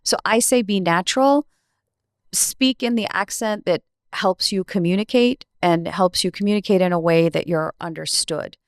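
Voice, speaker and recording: An American woman speaking as a podcast guest, measured and reflective in a conversational interview. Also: lowish voice, no room sound, studio quality.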